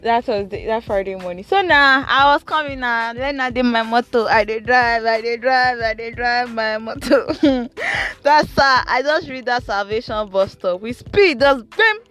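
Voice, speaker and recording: A woman's voice: fairly high pitch, moderate pace, fairly bright tone, soft background music. A young woman with a Nigerian accent chatting playfully about her week in a car, slipping into Pidgin. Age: young adult. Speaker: vlogger. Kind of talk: casual storytelling chat.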